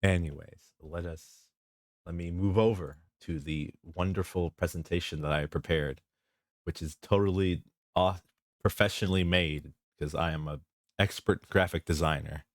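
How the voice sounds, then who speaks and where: A man's voice: sits low, fairly even intonation, normal speed, no echo. A young man streaming as a vtuber, chatting casually and playfully, often cracking up with laughter. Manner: giggly, easily breaks into laughter; mock-grand, playful self-introduction. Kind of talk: casual live stream chat.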